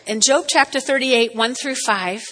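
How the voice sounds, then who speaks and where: A woman with a high, bright voice preaches in a chatty, playful way. She acts out quotes with rising emphasis, and the sound rings with a long hall reverb. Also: normal speed. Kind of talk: sermon.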